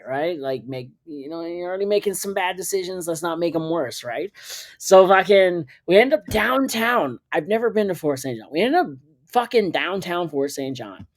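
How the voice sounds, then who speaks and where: A man's voice: high voice, animated, moderate pace. A man, hosting a podcast and telling a story in a rambling, profane way, often correcting himself. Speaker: podcast host. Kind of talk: casual storytelling.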